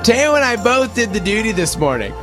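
A slightly hoarse man co-hosting a morning show, chatting and laughing often. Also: sits high, very animated, fairly quick, music in the background. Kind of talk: casual banter.

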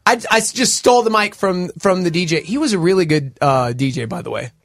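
A man co-hosting a radio show, chatting playfully and excitably. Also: on the high side, a little fast, gravelly. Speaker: radio host. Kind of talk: morning radio banter.

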